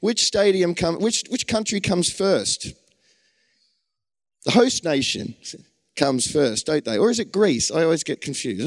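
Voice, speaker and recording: A man's voice: on the high side, long reverb tail. An Australian man preaching a sermon, calling out to a gathered congregation with enthusiasm. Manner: enthusiastic, calls out to the crowd.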